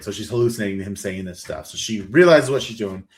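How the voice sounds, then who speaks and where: A man with a somewhat low voice hosts a podcast and retells a horror story in casual chat. He keeps the telling lively and slips into quick voiced versions of the characters' lines. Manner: animated storytelling, acts out quoted lines. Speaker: podcast host. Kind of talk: casual plot recap.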